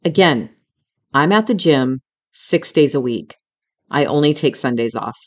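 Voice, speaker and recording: With a deep voice, lively intonation and a slightly slow delivery, a middle-aged woman hosts a podcast. She speaks straight to the listener like a friend, sharing a personal story with emotion, candor and some swearing.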